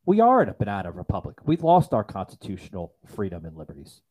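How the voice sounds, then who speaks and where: A man's voice: fairly low pitch, wildly swooping pitch, quick pace, mellow. A man hosting a political talk show, stammering often and repeating "folks". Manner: stammering with many fillers, keeps saying folks. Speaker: host.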